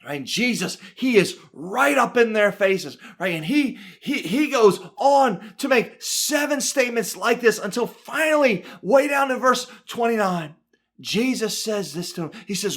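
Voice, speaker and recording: Animated high-voiced man teaching scripture. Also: unhurried. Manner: animated, keeps adding "right?", reads scripture with dramatic emphasis. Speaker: pastor teaching a Bible study. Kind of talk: Bible teaching. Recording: church broadcast.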